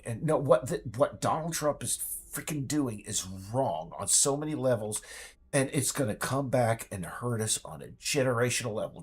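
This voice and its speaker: A man's voice: mid-range voice, breathy edge. A man giving a ranting political monologue, stammering and restarting, now and then mocking others in put-on voices.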